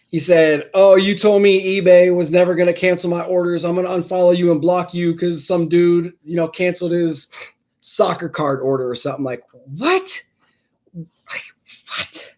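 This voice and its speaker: Rambling high-voiced sports card streamer. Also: male voice, darkish tone. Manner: rambling, self-deprecating, talks to chat viewers by name. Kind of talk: casual rambling live-stream chat.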